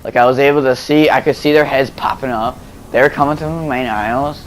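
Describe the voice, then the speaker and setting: A man's voice: mid-range voice, steady tone, brisk, slight background noise. A man giving casual, rambling voice-over commentary on gameplay footage, full of fillers and restarts, recorded at home.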